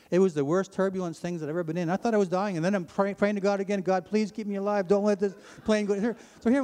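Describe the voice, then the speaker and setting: A middle-aged man shares his faith testimony in a mellow, darker voice. He tells it earnestly, rising in pitch as the story grows intense. The sound carries a long reverb, as in a large hall. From Ontario, Canada. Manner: earnest storytelling, voice climbing when he grows excited. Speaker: speaker sharing his testimony. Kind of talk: personal faith testimony to an audience.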